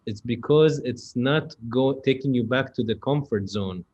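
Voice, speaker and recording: A man hosts an interview, answering his guest thoughtfully and warming to emphatic points. His voice is husky at a middling pitch. The recording sounds dull and muffled. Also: measured pace. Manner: affirming, thoughtful, animated when emphatic. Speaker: interview host. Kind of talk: conversational interview.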